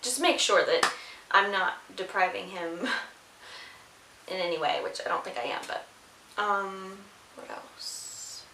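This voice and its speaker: A woman's voice: lowish voice, animated, measured pace, long pauses, bright, forceful tone. Chatty young mother in an echoey room. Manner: chatty, rambling with fillers. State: sleep-deprived. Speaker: mother and vlogger. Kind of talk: casual chat to camera. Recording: echoey room with faint hiss.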